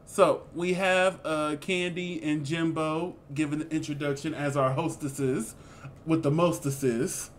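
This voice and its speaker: A man co-hosting a casual review chat, animated and exclamatory, with sassy asides. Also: on the high side, a little slow, slight background noise. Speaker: co-host reviewing a reality show.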